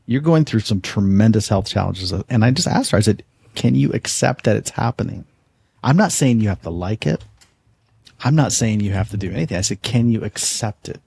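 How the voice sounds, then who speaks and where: A man hosts a podcast, his voice low, gravelly and a little husky. He tells a long story earnestly, restarting and repeating words as he goes. The recording is dry and close to the mic. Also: lively intonation, brisk, a little mellow, no room sound. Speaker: podcast host. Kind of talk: casual conversation, storytelling.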